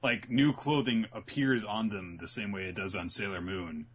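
A man hosting a casual podcast chat, animated and acting out scenes. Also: fairly low pitch, slightly rough. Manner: animated, acts out scenes in quick voices. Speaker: podcast host.

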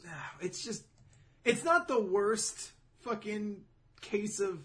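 A podcast co-host talking casually in a bright, forceful voice with a lively, swinging pitch range. They swear a lot and throw in exaggerated, mocking voices for the characters. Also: slow. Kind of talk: casual chat.

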